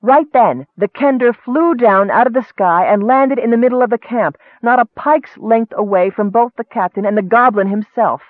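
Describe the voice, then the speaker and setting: High-voiced male fantasy narrator. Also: moderate pace, hardly any pauses, no echo. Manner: steady storytelling, rising for action. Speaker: audiobook narrator. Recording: dry, tinny phone-like sound.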